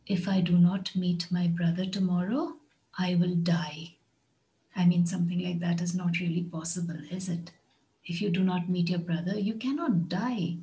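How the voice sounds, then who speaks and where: A woman teaching an English lesson, speaking deliberately and patiently and repeating key words and examples. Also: fairly low pitch, warm tone, low-quality recording. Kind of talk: slow, careful lesson narration.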